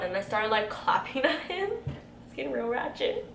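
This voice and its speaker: A woman in her twenties chatting casually to camera, telling a storytime tale, animated and full of "like.". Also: on the high side, moderate pace, far from the mic. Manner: chatty, animated, heavy use of "like". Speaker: beauty vlogger telling a story. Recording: echoey room, faint background hiss.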